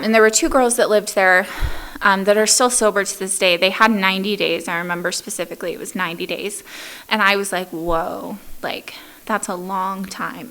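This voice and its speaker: A woman's voice: medium pitch, pushed and bright. A young woman speaking at a recovery meeting, telling her personal story casually with many "um"s and "like"s.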